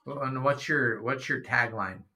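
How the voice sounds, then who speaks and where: A middle-aged man talking casually, often pausing and restarting his sentences. His tone is bright and forward, and he slips in dry, sarcastic asides. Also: mid-range voice. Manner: rambling, hesitant, dry sarcasm. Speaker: podcast guest, father. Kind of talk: casual chat.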